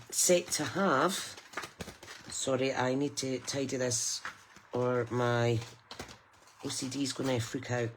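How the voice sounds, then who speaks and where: A woman's voice: rumbling low, a little hiss or hum. A middle-aged woman from the UK, chatting and laughing with viewers while demonstrating card making on a live stream. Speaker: craft demonstrator. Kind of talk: chatty live craft tutorial.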